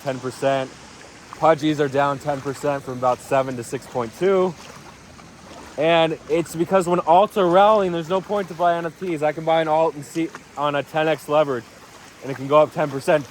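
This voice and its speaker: A man's voice: fairly high pitch, a little hiss or hum. A man rambling offhandedly in a casual crypto vlog, swearing now and then. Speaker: crypto vlogger.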